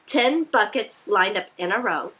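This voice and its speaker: A woman reading picture books aloud to young children, animated and encouraging, often asking her listeners questions. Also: mid-range voice, measured pace, slight background noise. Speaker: children's storytime presenter.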